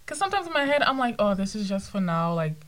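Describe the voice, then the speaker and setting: A woman's voice: mid-range voice, sing-song, fast, fairly bright tone. A young woman, a student about to graduate, talking reflectively in casual chat with many fillers. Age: young adult. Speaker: student panelist.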